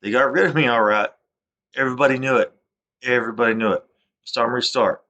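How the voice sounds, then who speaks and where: A man's voice: mid-range voice, fairly even intonation, quick pace, sharp tone, highs cut off. A man, delivering an aggrieved, rambling monologue that repeats itself and keeps breaking off to restart. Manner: agitated, repetitive, restarts often. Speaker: vlogger. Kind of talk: aggrieved rambling monologue over screen recording.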